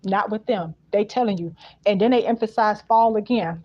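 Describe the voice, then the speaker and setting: A woman speaks at medium pitch and moderate pace, giving a casual spiritual message with colloquial speech, emphatic and repetitive as she unpacks each phrase. The recording has no room sound and a dull, dry, lo-fi quality.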